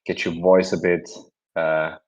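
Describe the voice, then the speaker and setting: Hosting a community audio event, this chatty man rambles through casual conversation and introductions, frequently self-correcting and laughing. He has a deep voice with a level tone and speaks a little slowly. The recording is dull and low-fidelity.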